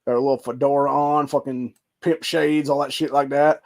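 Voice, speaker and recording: A man's voice: medium pitch, level tone, moderate pace, gravelly, few pauses. A man hosting a podcast, rambling in casual commentary with lots of swearing and filler phrases. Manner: rambling and profane, full of fillers. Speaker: podcast host.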